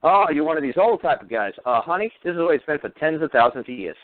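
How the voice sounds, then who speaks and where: A man's voice: on the high side, expressive, fast, no echo. Sarcastic man ranting over a tinny line. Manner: combative, mocking, crude. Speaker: radio talk show host. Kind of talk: ranting radio lecture. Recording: tinny phone-line radio audio.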